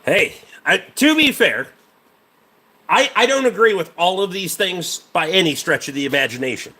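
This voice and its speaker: A man's voice: sits high, lively intonation, moderate pace, pushed and bright, husky. A man hosting a casual livestream, a mechanic rambling about truck parts and swearing freely while answering chat.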